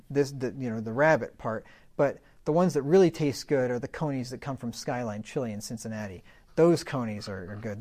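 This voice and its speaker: A man teaching from the Bible, reading verses slowly, then explaining them casually with asides. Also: medium pitch, darkish tone. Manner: reads scripture slowly, then explains in a loose conversational way with asides.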